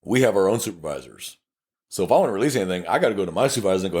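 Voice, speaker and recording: A male cop-investigator co-hosts a casual podcast, talking very fast in a low, husky voice. His stories about the job are blunt and plainspoken, with quoted exchanges acted out animatedly and an occasional curse.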